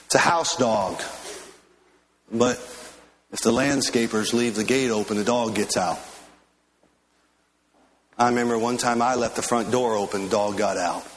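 A middle-aged man preaching in church, telling homely stories and slowing into earnest pleas. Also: mid-range voice, slight background noise, poor audio. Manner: folksy storytelling preacher, slows into earnest pleas. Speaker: pastor. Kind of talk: sermon. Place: church sanctuary.

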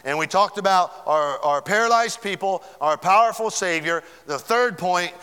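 A man's voice: sits high, animated, normal speed, bright, forceful tone, smooth, big-room sound. A man preaching a sermon as pastor, fervent and building in volume as he speaks.

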